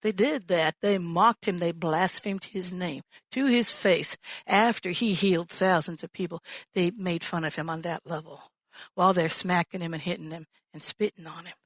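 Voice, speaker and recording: A woman pastor preaching a sermon, telling the story with lively acted-out quotes. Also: fairly low pitch, moderate pace, dry recording. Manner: animated storytelling, acts out quoted voices.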